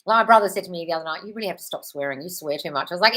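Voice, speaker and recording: A woman's voice: lowish voice, racing, hardly any pauses, pushed and bright, poor audio. Effusive woman coaching viewers live. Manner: effusive, calls viewers darling, swears, squeals wonderful. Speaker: manifestation coach host. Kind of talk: live stream Q&A, reading chat comments.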